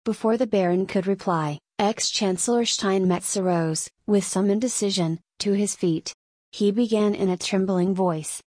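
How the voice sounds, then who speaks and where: A woman's voice: mid-range voice, normal speed, darkish tone, dry recording. Woman narrating an audiobook, dry sound.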